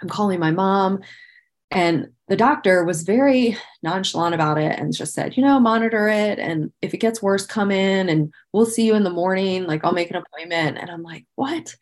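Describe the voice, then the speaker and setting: This thirtysomething podcast guest speaks in a mid-range voice at normal speed. Recounting something personal, she is frank and sincere, peppering her words with "like." Emotion comes through clearly as she revisits painful memories.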